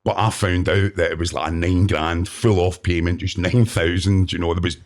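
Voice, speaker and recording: Deep-voiced Glaswegian man telling stories. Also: moderate pace. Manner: relaxed, acts out his own reactions. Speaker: actor, podcast guest. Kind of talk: anecdotal storytelling.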